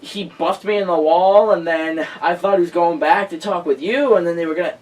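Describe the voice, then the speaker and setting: A male host telling a story in casual chat, excitable and full of filler words. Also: sits high, fairly quick, recorded from a distance, poor audio.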